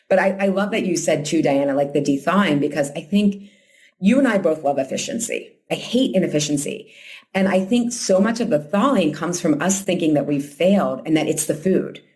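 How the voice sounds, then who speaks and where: Woman host, lowish voice, casual teaching tone, leaps into playful quoted voices. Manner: animated, acts out quoted voices with big pitch jumps; frequent "like" and "right?" fillers. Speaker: podcast host and coach.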